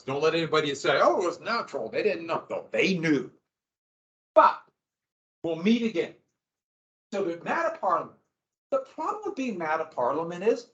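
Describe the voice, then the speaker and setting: A man teaching a history class, lecturing in an animated way with asides and acted-out quotes. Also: fairly high pitch. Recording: roomy, dull lo-fi classroom recording.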